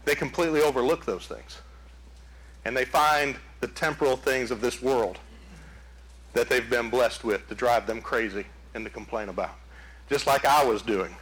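A man preaching a sermon, telling folksy stories in an animated way. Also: medium pitch, normal speed, low-quality recording. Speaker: pastor.

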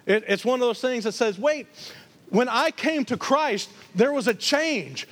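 A man from the Detroit area preaching a lively sermon, acting out voices in his stories. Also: extremely high pitch. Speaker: pastor.

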